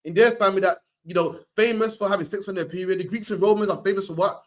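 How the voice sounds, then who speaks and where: High-pitched guy preaching hard, keeps saying man. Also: fairly even intonation, fast. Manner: emphatic, ends lines with "man". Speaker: street preacher. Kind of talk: preaching lecture.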